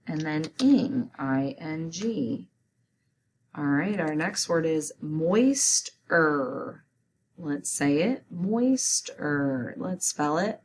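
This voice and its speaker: A woman teacher leads a spelling lesson at a very slow, deliberate pace. She sounds out each word letter by letter in a slightly low voice. A faint background hiss sits under her speech. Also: animated.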